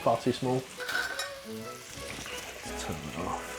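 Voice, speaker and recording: A man's voice: fairly low pitch, sing-song, takes it slowly, poor audio. Chatty man cooking over sizzling pan. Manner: chatty, rambling, swears casually. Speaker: vlogger. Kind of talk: casual cooking vlog. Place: home kitchen. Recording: music playing behind. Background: frying sizzle and music.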